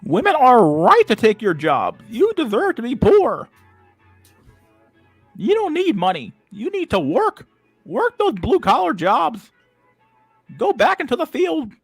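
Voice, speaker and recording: A man putting on a high, mocking voice to play a preachy scold lecturing listeners. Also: huge pitch swings, measured pace, long pauses, husky, no room sound, faint music behind, exaggerated voice.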